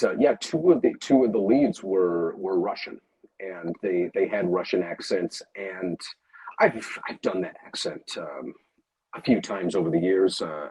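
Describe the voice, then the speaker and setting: A man with a very low, husky voice talks casually about his work as an audiobook narrator. He often stops to restart his sentences and fills the pauses with "um" and "uh". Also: darkish tone, low-quality recording. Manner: halting, many fillers and restarts. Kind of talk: casual interview answers.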